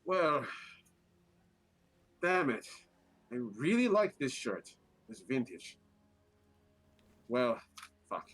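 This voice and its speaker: A man's voice: mid-range voice, huge pitch swings, takes it slowly, long pauses, breathy edge, heavily acted. An actor playing a wry, laid-back male netrunner with a dry, shrugging delivery. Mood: irked.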